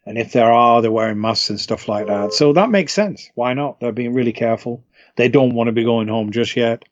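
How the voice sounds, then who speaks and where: A man from the UK, a singer being interviewed, telling stories in a relaxed, chatty way and laughing often. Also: mid-range voice, brisk, slight background noise. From United Kingdom. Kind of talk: casual interview storytelling. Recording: dull, lo-fi, dry call audio.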